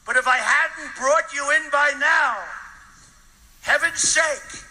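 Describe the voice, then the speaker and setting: A man's voice: extremely high pitch, slow pace, pushed and bright, full character voice, rough recording. A man voicing a tender-hearted woman in a recited poem, exclaiming her lines. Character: kind-hearted woman, shocked and hurt.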